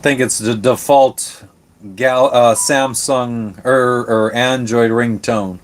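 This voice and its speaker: Casual male live-stream host on a boat; relaxed, rambling, salty language, mid-range voice. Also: mid-range voice, takes it slowly. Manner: laid-back, swears casually, rambling with restarts. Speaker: livestream host answering chat. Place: on a sailboat.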